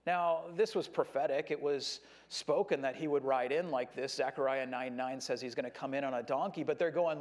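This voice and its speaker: A man with a high, light voice delivers a sermon in a loose, conversational way. He keeps acting out the shouts of a crowd and jumps up in pitch when he does. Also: a little fast. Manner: conversational, animated preaching with voiced crowd quotes. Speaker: pastor.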